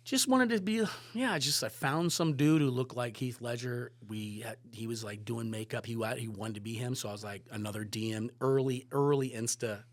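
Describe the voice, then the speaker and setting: Animated man telling stories. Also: medium pitch, normal speed, few pauses, no room sound. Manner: animated, swearing, swings between loud and hushed. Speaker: guest photographer and director. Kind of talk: casual storytelling.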